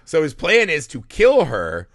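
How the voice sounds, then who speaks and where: A man co-hosting a movie podcast, talking in an animated, jokey way, swearing and slipping into silly voices. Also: fairly high pitch, a little slow, no echo, clean studio sound. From Syrian family background. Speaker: podcast co-host. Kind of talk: casual movie review chat.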